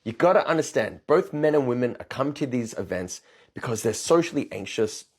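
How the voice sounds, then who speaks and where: A man tells a story in a blunt, profane rant. His voice is husky and rises and falls a lot as he gets animated, and he sounds like a dating coach venting about a bad night. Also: mid-range voice, brisk.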